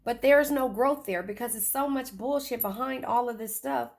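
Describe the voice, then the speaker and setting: A woman's voice: fairly high pitch, moderate pace, gravelly. A woman giving a casual tarot reading, chatty and swearing, often repeating her phrases. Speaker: tarot reader.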